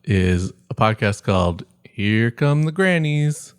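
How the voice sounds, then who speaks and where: A man's voice: fairly low pitch, expressive, slow pace, clean tone, no echo, studio quality. A man co-hosting a podcast, talking casually and rambling with many restarts and fillers. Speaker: podcast co-host. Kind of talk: casual chat.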